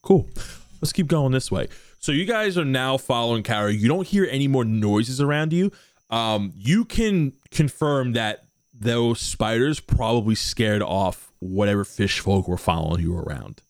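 A man running a tabletop game as game master, narrating scenes in a relaxed, rambling way. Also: mid-range voice, moderate pace, no room sound, clean studio sound. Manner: relaxed, rambling description with many fillers.

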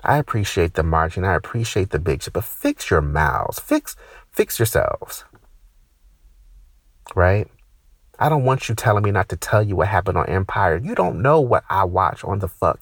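A man in his thirties doing stand-up, ranting with profanity and sudden high-pitched outbursts. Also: big pitch swings, normal speed, no echo, studio quality. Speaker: stand-up comedian. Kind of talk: stand-up comedy set.

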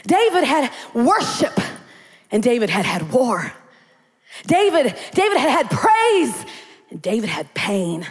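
Woman pastor, high lively voice, playful sermon delivery in a reverberant church. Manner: animated, comic, acts out quotes. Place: church sanctuary. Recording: long hall reverb.

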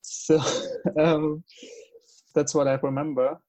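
A young man from Germany with a German accent, talking in a casual, halting and earnest way, with many fillers. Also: fairly high pitch, level tone, dark tone. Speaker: guest in conversation. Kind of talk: casual conversation.

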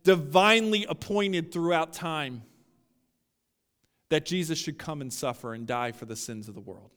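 Male pastor, sermon delivery, emphatic and direct, slightly high voice, recorded with long reverb. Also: normal speed. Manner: emphatic, building to loud peaks, addresses listeners as guys.

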